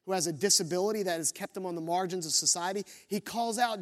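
A man preaching a sermon as pastor, telling the story with lively, acted-out quotes. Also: sits high, fast. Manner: animated storytelling, acts out quoted voices.

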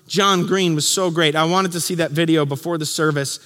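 A man with a high, bright voice preaches a sermon from the pulpit. He tells the story vividly, acting out the people in it and dropping to a hush for the key lines. His voice rings with the long reverb of a church hall. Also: steady tone, fairly quick. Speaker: pastor.

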